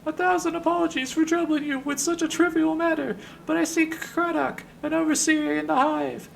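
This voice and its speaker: A man voicing an effeminate, heavy-set male messenger who speaks in a high falsetto with flowery, overly polite phrasing. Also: fairly even intonation, moderate pace, creaky, a little hiss or hum, heavily acted, rough recording. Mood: fawning.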